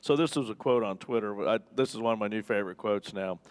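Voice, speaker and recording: Pastor, male, lowish voice, chatty sermon delivery that slips into quoted voices. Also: fast talker, few pauses. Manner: conversational, jokey, acts out quoted voices. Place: church.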